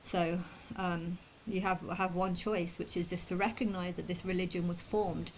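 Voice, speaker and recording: Woman, quick talker, emphatic, indignant, casual monologue, faint background noise. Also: lowish voice, level tone, poor audio. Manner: fast talker. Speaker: vlogger.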